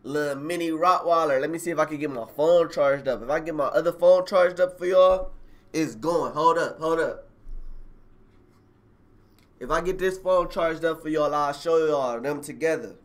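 Casual male streamer, a touch high-pitched, loose slangy storytelling to his audience over a phone mic. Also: moderate pace. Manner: slangy, rambling, addresses viewers directly. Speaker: live streamer telling a personal story.

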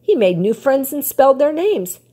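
An older woman reading a children's picture book aloud as a storyteller, with an expressive cadence. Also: high-pitched, normal speed.

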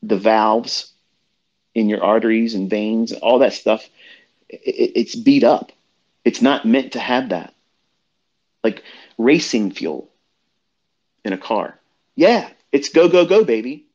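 A man's voice: medium pitch, a little mellow. Blunt, profane man ranting on a lo-fi stream. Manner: blunt, profane, lecturing, voice jumps up when worked up. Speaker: trading mentor. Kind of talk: profane motivational rant on a live audio chat.

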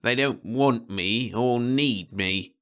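A very old, sad man, as a male reader puts him on, speaking slowly in a worn, mournful way. The sound is bright and clean, the words unhurried. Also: medium pitch, pitched above the performer's own voice. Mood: sorrowful.

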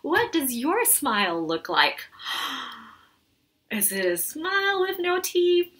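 Slow, gentle, high-voiced woman. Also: very animated. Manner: gentle, encouraging, speaks directly to children; sings along with guitar. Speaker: music therapist. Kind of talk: children's music therapy lesson.

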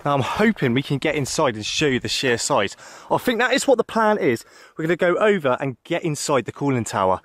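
A man talks straight to his camera while exploring outdoors, chatty and quick to joke. His voice swings widely up and down as he gets excited, in a loose, casual vlog style. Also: a little high, no echo. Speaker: vlogger exploring abandoned places. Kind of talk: casual travel vlog narration. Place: outdoors in an abandoned zone.

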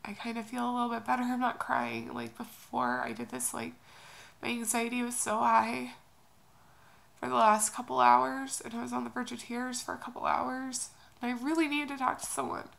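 A young woman vlogging about a personal move, tearful and speaking in a halting, hesitant, soft way. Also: on the high side, little pitch movement, gravelly. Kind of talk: emotional personal vlog.

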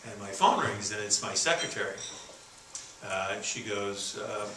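Sixties man from Canada, keynote storyteller, low-ish bright voice, heard distant in a roomy hall. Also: animated, background noise. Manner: folksy, halting, many fillers and restarts. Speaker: keynote speaker. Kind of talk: storytelling speech. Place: conference hall. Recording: roomy, distant venue recording with faint ambience.

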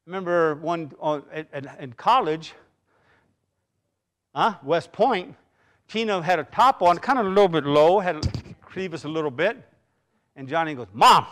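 A man's voice: a little high, lively intonation, moderate pace, long pauses, fairly bright tone. A middle-aged man preaching a sermon in a church, talking conversationally with personal stories and frequent restarts. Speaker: pastor. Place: church sanctuary.

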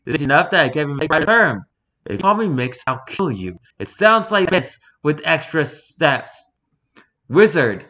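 Man, bright tone, casual reaction vlog, rambling, jokey, swears casually. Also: mid-range voice. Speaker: vlogger reading posts aloud.

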